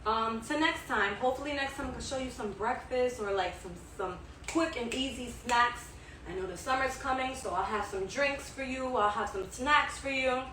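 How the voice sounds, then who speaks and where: Hosting her cooking channel from her home kitchen, a woman talks in a bright, forceful, fairly high voice at a moderate pace. She's chatty and enthusiastic, repeating herself as she cooks and tastes, with the mic placed far off in an echoey kitchen and slight background noise.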